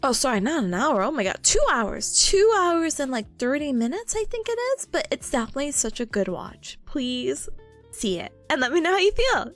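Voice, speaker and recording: Giggly high-voiced woman streamer. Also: sing-song, normal speed, faint music behind. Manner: giggly, bubbly, gushing. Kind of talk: casual chat with chat readers.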